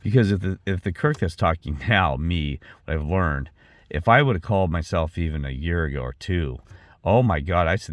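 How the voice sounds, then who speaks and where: A man's voice: low voice, brisk, no echo. A middle-aged man talking in a rambling personal monologue, repeating himself and restarting often. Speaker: channel host.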